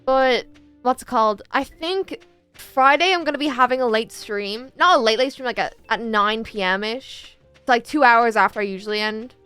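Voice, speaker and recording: A chatty woman talking her viewers through a farming game, her voice sitting a touch high as she rambles between tasks. Faint game music plays quietly behind her. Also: moderate pace, clear, resonant tone. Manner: chatty, rambling, talks to chat while playing. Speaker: streamer. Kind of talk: casual game-stream chat.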